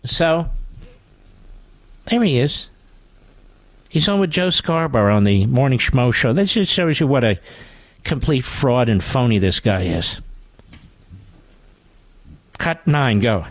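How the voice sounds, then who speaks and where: A man's voice: medium pitch, sing-song, takes it slowly, long pauses, no room sound. A man hosting a talk radio show, with sarcastic, mocking commentary.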